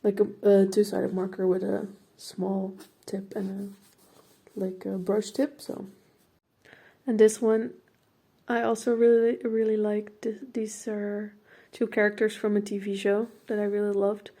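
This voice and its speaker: A woman's voice: medium pitch, monotone, unhurried, warm tone. A young woman from the Netherlands, a native Dutch speaker, chatting casually about her portrait painting in a studio vlog, with lots of fillers and laughter, a bit out of breath.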